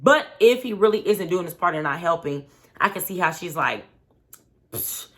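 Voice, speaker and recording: A young woman with a low but bright voice, talking through a reality show episode in a relaxed, chatty way. She keeps slipping into the quotes, playing out each line the people said. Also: fairly quick. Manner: chatty, retells scenes by acting out quotes. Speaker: reality TV commentator and show host. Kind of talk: casual recap commentary.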